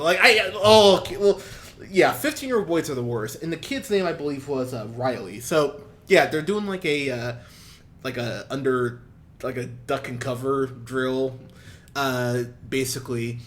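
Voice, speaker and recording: A man co-hosting a movie review podcast in casual chat, animated, swinging between loud and soft and laughing often. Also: medium pitch, moderate pace. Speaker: podcast co-host.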